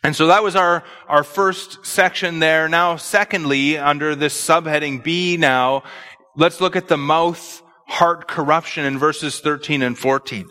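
A man's voice: a little high, steady tone, a little slow, sharp tone, big-room sound. A man preaching an expository sermon, earnestly explaining scripture verse by verse.

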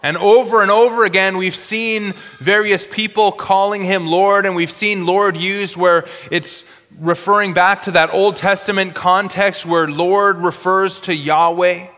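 A man preaching an expository sermon in an earnest way, slowing down for emphasis and often repeating words. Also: high voice, steady tone, pushed and bright, big-room sound.

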